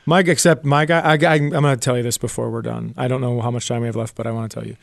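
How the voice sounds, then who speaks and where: A man's voice: medium pitch, steady tone, fast talker, gravelly, no echo, clean studio sound. A man co-hosting a casual podcast chat, blunt and profane, telling stories and mocking people. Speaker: podcast co-host.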